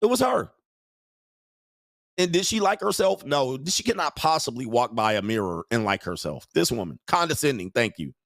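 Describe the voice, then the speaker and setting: A man's voice: medium pitch, very animated, normal speed, vocal fry, fairly bright tone, no echo, clean studio sound. A man hosting a show, delivering a crude, mocking livestream rant and laughing often. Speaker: show host.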